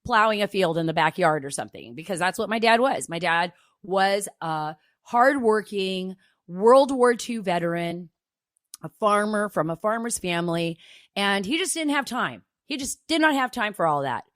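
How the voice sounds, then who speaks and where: A woman's voice: mid-range voice, expressive, normal speed, no room sound, clean studio sound. A middle-aged woman hosting a political talk show, emphatic and exclamatory, firing off rhetorical questions.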